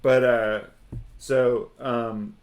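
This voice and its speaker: A man's voice: mid-range voice, flat delivery, very slow. A man co-hosting a casual podcast chat about scripture, meandering with lots of fillers and reading passages aloud. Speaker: podcast co-host.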